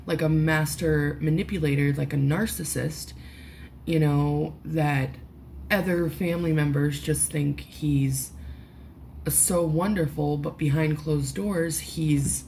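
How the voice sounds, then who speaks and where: A woman vlogging, close to tears, talking haltingly with many restarts and swear words, through a headphone mic at home. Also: low-pitched, fairly even intonation, vocal fry, a little mellow, slight background noise. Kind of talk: emotional personal vlog.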